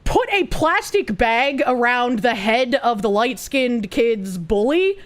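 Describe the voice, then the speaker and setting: A young woman streamer giving casual movie commentary, rambling and animated, with many fillers and restarts. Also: a little high, takes it slowly.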